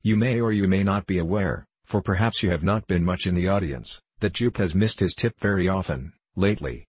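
A man's voice: low voice, a little fast, darkish tone, breathy edge, dry recording. A man reading the part of a swaggering adult male circus horse-rider who talks bluntly, with circus slang.

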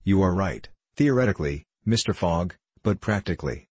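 An excitable gentleman card player who presses every objection, as a male narrator puts him on. His voice is deep and husky. The recording is dry and close. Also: normal speed, dry recording. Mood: agitated. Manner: agitated and insistent. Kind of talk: audiobook dialogue reading.

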